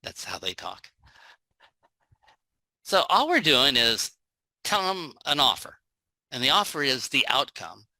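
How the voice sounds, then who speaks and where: A male sales trainer speaks to a live online audience in a bright, forceful voice. He keeps it folksy and joking, acting out short scenes as he goes. The sound is dry and close, with no room echo. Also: medium pitch, sing-song, a little slow, pauses often.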